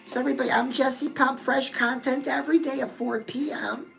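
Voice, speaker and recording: A woman hosts a love and dating advice talk in a high, gravelly voice. She chats in a confiding way, as if to a close friend, while faint music plays underneath. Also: fairly even intonation, fairly quick, a bit bright, low-quality recording. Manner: chatty, confiding, addresses listeners as girl. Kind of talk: casual advice talk to viewers.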